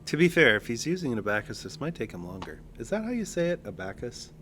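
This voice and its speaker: A man streaming a card game, joking and thinking out loud as he plays. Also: mid-range voice, very animated, quick pace, slight background noise. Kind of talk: casual card-game livestream commentary.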